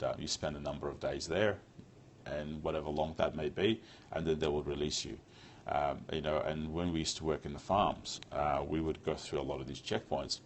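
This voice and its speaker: A man's voice: a bass voice, a little hiss or hum. A man from Iraq telling his life story to an audience, candid and unscripted, often restarting and repeating phrases as he goes.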